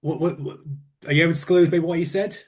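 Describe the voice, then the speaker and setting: A man's voice: fairly high pitch, steady tone, fast. A man from the UK hosting a casual interview, chatty, often starting with "look" and "mate" and repeating words. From United Kingdom. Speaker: interview host.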